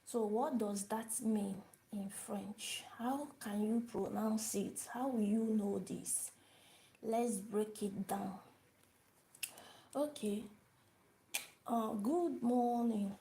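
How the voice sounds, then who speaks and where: A woman's voice: mid-range voice, slow, warm tone, poor audio. A woman teaching a beginner lesson on a live stream, repeating each word and asking her viewers questions as she goes. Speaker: language teacher.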